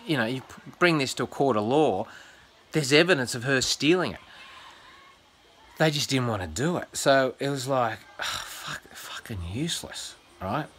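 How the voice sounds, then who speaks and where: A man's voice: mid-range voice, expressive, moderate pace, pauses often, a bit bright, slight background noise. An Australian man telling a long, rambling story in casual vlog talk, swearing constantly and acting out the people he quotes. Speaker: comedian vlogger.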